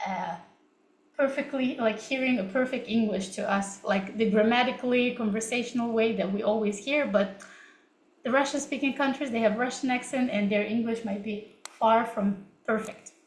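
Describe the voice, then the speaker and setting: A woman's voice: on the high side, normal speed. A young woman from Kazakhstan whose first language is Kazakh, giving a chatty, upbeat English session and laughing often. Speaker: English speaker at a learning session. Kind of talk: casual live teaching talk. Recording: roomy echo.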